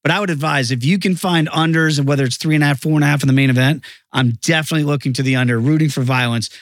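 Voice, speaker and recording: A man talking as a guest analyst in a casual sports betting chat, animated and emphatic. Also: fairly high pitch, racing, no room sound.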